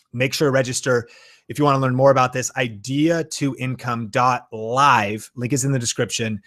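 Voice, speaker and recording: Man, live-stream host, enthusiastic, chatty, lots of ums and likes. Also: mid-range voice. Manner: enthusiastic, excitable, many fillers. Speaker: YouTube channel host.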